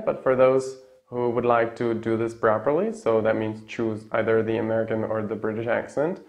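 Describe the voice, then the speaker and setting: A man with Czech as his first language teaching English pronunciation in a casual lesson, repeating example words slowly and tagging sentences with "yeah?". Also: medium pitch, a little mellow. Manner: tags sentences with a questioning "yeah?".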